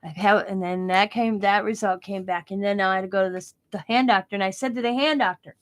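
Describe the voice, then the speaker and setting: A woman's voice: medium pitch, fairly quick. A woman in her fifties, a crafting channel host, casually telling a story to her viewers, laughing often and acting out what others said. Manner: animated, often laughing, acts out quoted dialogue.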